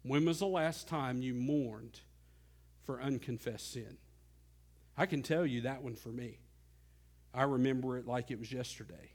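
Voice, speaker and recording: A middle-aged male pastor preaching a sermon earnestly, swinging between soft low passages and loud climbing ones. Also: a little slow, pauses often.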